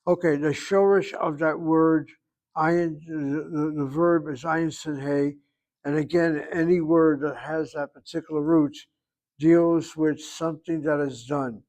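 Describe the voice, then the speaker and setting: Higher-voiced man teaching Hebrew grammar. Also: steady tone, darkish tone. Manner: slow, explaining, drawn-out pronunciations. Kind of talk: classroom grammar lesson.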